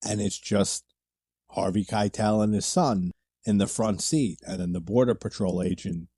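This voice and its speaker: A man's voice: on the low side, steady tone, moderate pace, dark tone, slightly rough, no echo, clean studio sound. A man giving casual, enthusiastic commentary on a horror movie, retelling scenes loosely with laughs and fillers.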